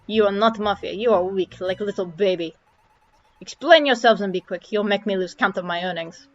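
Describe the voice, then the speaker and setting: A woman voicing a gruff, boastful male mob boss who speaks in clipped, broken English. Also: medium pitch, brisk, natural voice. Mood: blustering. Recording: dull audio with faint music.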